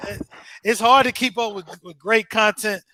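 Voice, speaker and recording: High-voiced man amid crosstalk. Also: steady tone, normal speed, crowd noise. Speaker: co-host. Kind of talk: casual chat.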